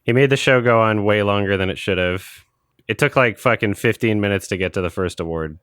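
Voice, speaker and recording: A man with a very low, smooth, resonant voice, trading dry sarcastic remarks in a casual podcast chat. The sound is close and dry, with no room around it. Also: a little fast, a bit bright, no room sound. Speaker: podcast co-host.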